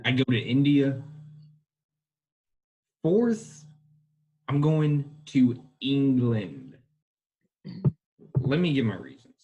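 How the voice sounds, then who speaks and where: A husky-voiced young man chats loosely as a podcast co-host. His pitch swings up and down in a lively way. He rambles and hedges, often correcting himself mid-thought. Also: extremely slow, pauses often, dull audio. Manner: rambling, hedging, self-correcting. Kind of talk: casual chat.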